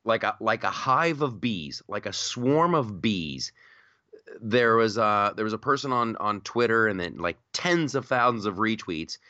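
A man's voice: fairly low pitch, animated, measured pace, sharp tone, dry recording. A man co-hosting a podcast, talking emphatically about the news and repeating words as he starts his thoughts. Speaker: podcast co-host. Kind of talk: casual political chat. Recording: slightly dull lo-fi sound.

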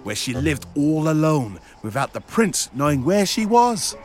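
Animated guy telling a kids story, slow and lively, asks the listener questions. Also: on the high side. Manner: animated, speaks to young listeners. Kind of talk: children's story narration.

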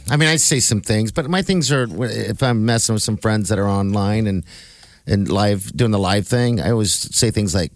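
A man's voice: fairly low pitch, moderate pace, dry recording. Easygoing man hosting a radio show. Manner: jokey, easygoing, laughs often. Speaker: radio morning show host. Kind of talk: casual radio banter. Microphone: studio microphone.

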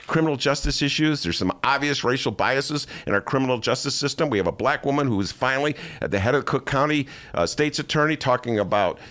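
A man hosting a casual talk show, jokey and animated, often slipping into mock voices. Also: medium pitch, quick pace, hardly any pauses. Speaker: podcast host. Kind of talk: casual chat.

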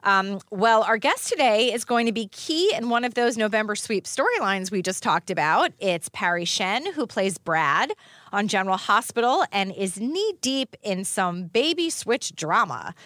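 Lively, upbeat woman co-host. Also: medium pitch, normal speed, no room sound. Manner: upbeat, introduces guests. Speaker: show co-host. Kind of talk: talk show chat.

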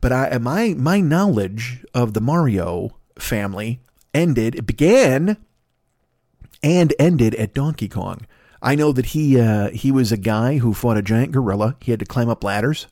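A man's voice: mid-range voice, lively intonation, a little slow, darkish tone, no room sound, studio quality. A man hosting a podcast, rambling through a profane late-night comedy rant and laughing at his own jokes. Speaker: podcast host.

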